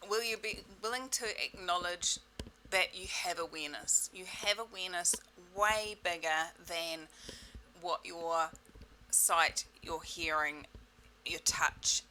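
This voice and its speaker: A woman leading a self-help webinar in a playful, exclamatory way, repeating set clearing phrases. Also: on the low side, pushed and bright, rough recording. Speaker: webinar facilitator.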